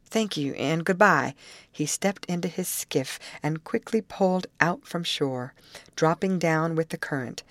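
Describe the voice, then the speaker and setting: A woman narrating a storybook with an expressive, varied delivery. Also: lowish voice, no room sound. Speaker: audiobook narrator.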